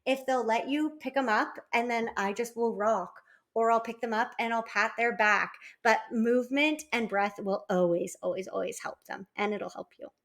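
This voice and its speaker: A woman working as a parenting consultant, giving an instructional presentation in a calm, explanatory, step-by-step way. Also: a little high, normal speed. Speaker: early childhood parenting consultant.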